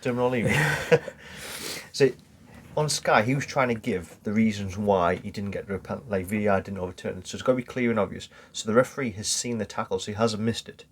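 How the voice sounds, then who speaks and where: A man's voice: on the low side, a little fast. A man co-hosting a casual football podcast, explaining things step by step and swearing casually. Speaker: podcast co-host.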